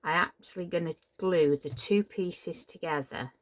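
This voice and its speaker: A middle-aged woman from Cheshire, England, hosts a papercraft tutorial, walking through a build in a casual, chatty way while apologizing and drifting off on tangents. Her voice is on the low side and a little slow.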